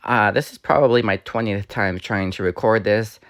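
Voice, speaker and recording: Male vlogger, slightly raspy and rambling, lowish voice, dry close recording. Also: normal speed, fairly bright tone, no room sound. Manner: rambling, with fillers and restarts. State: slightly raspy, recovering from illness. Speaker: YouTuber. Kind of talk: casual voice-over for a store walkthrough.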